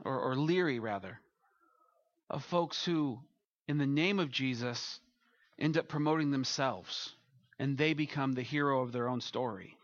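A man's voice: mid-range voice, a little slow, no echo, lo-fi sound. A man as pastor, preaching a sermon and leading a closing prayer, earnest and building to emphatic peaks.

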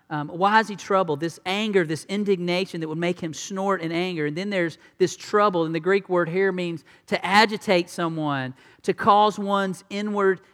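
A preacher delivers a conversational sermon in a fairly high voice, acting out the lines of the people he describes. His voice rings out with a long hall reverb, as if captured in a large church. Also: a bit bright. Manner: conversational, acts out quotes. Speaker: pastor.

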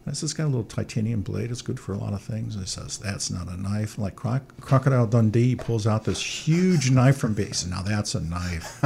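Gravelly low voiced priest, warm dark tone, lively storyteller. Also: male voice, fairly quick, a little hiss or hum. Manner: animated storyteller, upbeat. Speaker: priest and military chaplain; chancellor of military archdiocese. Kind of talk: interview guest storytelling.

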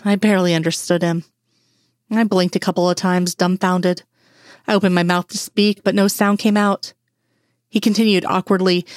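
A woman reading a first-person story aloud in an earnest, measured way. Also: medium pitch, no room sound, studio quality. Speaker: reader.

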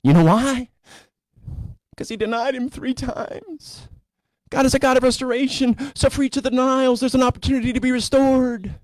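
High-voiced conversational male pastor. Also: level tone, fairly quick, no room sound. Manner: conversational storytelling preacher, voices characters casually. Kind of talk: sermon.

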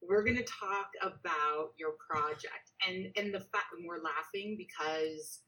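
Casting: woman interview host, chatty and animated, recorded remotely from a slight distance. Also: lowish voice, measured pace. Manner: chatty, animated, lots of fillers. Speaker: podcast host. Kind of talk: casual interview over a call.

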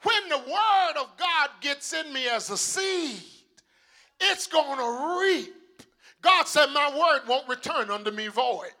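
A man's voice: very high-pitched, lively intonation, slow pace, sharp tone. An older male pastor preaching in an old-school hollering style, calling on the congregation to answer back. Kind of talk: sermon.

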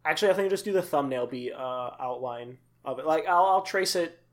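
A man's voice: a little high, a little fast, a bit bright. A young man co-hosting a casual podcast, rambling with lots of fillers and asides. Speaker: podcast co-host. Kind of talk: casual chat.

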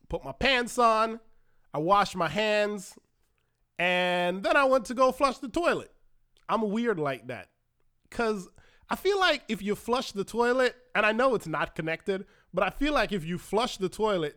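A man hosting a podcast, telling a personal story in an animated, self-mocking way with dramatic pauses. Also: high-pitched, smooth. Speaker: podcast host. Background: faint background music.

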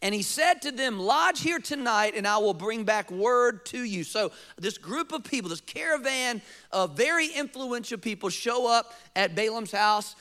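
A male pastor preaching a sermon, acting out quotes and asking rhetorical questions, sometimes dropping to a soft, close appeal. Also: high-pitched, lively intonation, moderate pace.

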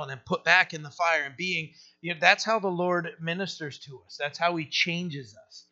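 A middle-aged male pastor gives a relaxed, conversational sermon, often restarting his sentences and filling pauses. His voice is bright and a little high, and the recording sounds dull and lo-fi. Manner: casual, halting, with many fillers and restarts.

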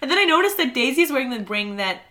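Lively young woman recapping a show. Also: high voice, fast talker. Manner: animated, laughing, acts out quotes. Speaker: podcast co-host. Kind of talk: casual recap chat.

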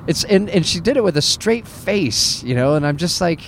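A man who works as a cruise ship entertainer tells a comic story in a sarcastic rant, breaking into high, incredulous squeaks. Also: animated, normal speed, a little hiss or hum.

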